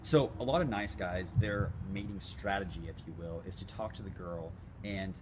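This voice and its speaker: A man's voice: low voice, normal speed, loud music behind the voice. A man giving casual dating advice straight to camera, blunt and swearing freely, with noticeable background noise. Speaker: dating coach.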